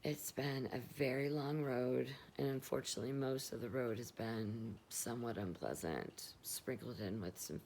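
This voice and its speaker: A woman's voice: a bass voice, animated, moderate pace, creaky, slight background noise. A middle-aged woman talking candidly and rambling in a confessional vlog, swearing freely while stoned. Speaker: vlogger.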